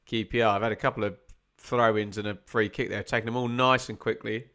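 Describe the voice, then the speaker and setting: A man with a lowish voice gives brisk, chatty live commentary on a football match for a watch-along stream. He drops wry asides and gets excited whenever there's a chance.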